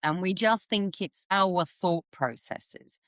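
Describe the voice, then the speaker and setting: Chatty woman, low and dry. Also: takes it slowly, no echo. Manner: chatty, animated, acts out quoted voices. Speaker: intuitive reader, podcast guest. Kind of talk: conversational interview explanation.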